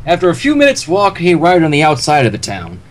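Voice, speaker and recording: Lively man reading a fanfic aloud. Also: on the high side, fast talker. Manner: lively reading, laughs at the text. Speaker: fanfic reader. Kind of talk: comedic livestream story reading.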